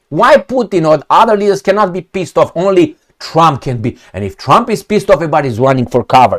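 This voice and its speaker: Sarcastic, profane man with a lively voice. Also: on the high side, fairly quick, hardly any pauses. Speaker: political commentator. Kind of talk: ranting commentary on news clips.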